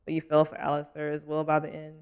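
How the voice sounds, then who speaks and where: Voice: medium pitch, monotone, fast talker, darkish tone, smooth. A young adult streamer in casual live stream chat while gaming, giggly, chatty and playfully teasing.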